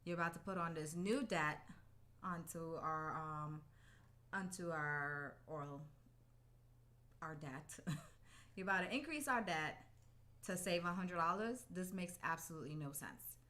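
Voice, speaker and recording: A woman's voice: lowish voice, unhurried, pauses often, pushed and bright. A woman co-hosting a casual podcast with her husband, telling a story in a chatty, laughing way. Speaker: podcast co-host. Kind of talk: casual couple's podcast chat.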